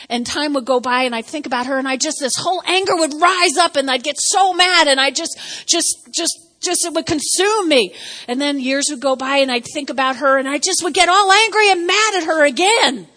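A woman pastor delivers a sermon in a high voice, swinging between soft asides and loud exclaims. She tells stories with laughter and an animated, lively delivery. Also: a little fast.

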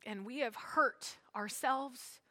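Woman pastor, sermon, bright voice, fairly high, loud emphatic bursts and hushed asides. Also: slow pace. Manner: dynamic preaching, swinging between loud emphatic lines and hushed asides.

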